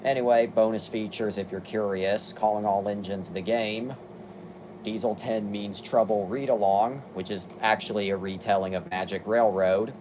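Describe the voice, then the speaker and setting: A young man with a lowish voice talks through a review in a casual way. He runs through long lists and drops dry, exasperated asides. A faint hiss sits under his voice. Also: steady tone, normal speed. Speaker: video commentator.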